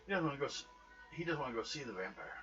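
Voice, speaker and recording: Brief: a male game master narrating a tabletop session, animated pitch, dull lo-fi audio. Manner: lively, brisk and questioning. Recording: dull lo-fi recording, faint music behind.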